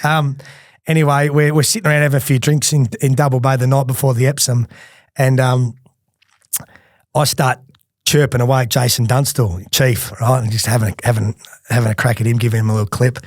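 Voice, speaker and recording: A man's voice: medium pitch, little pitch movement, fairly quick, no echo, studio quality. A middle-aged Australian man, a podcast guest, telling casual stories with lots of laughing and swearing. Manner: laughing, swears freely, rambling anecdotes. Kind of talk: casual storytelling.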